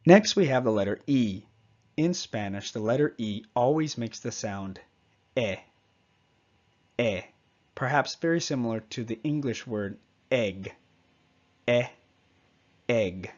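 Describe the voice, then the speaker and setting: A man teaching a Spanish pronunciation lesson, patiently repeating each example word slowly and clearly. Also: medium pitch, expressive, darkish tone, lo-fi sound.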